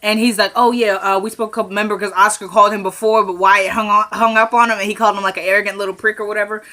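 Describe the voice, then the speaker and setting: A woman casually recapping a TV drama episode, retelling scenes as quick paraphrased dialogue and chatting to viewers as "y'all.". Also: medium pitch. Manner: addresses viewers as "y'all", rising into animated commentary.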